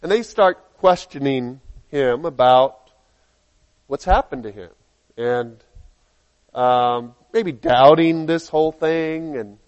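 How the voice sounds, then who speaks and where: A man preaching a sermon, reading scripture aloud and acting out the people in it with lively changes of voice. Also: medium pitch, takes it slowly. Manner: animated, acts out dialogue in quotes.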